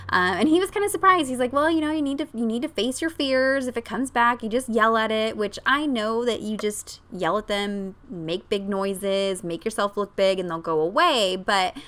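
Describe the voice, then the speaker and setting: A woman's voice: mid-range voice, a bit bright. A woman in her thirties, a crafting vlogger, casually telling a story with lots of ums and likes. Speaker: scrapbooking vlogger.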